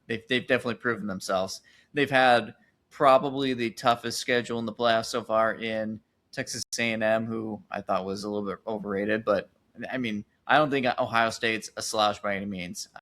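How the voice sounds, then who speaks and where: A man's voice: lowish voice, steady tone, moderate pace, a bit bright. A man co-hosting a sports podcast, chatting casually and thinking aloud with frequent restarts. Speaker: podcast co-host.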